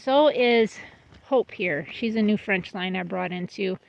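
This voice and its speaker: A woman talks casually through a tour of her dairy goats outdoors, recorded on a phone. Her voice sits in a middle pitch and the sound is a little dull and lo-fi. Goats are heard around her, and she slips into fond asides to the animals. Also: a little slow, creaky. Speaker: goat breeder. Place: outdoors in a goat pen.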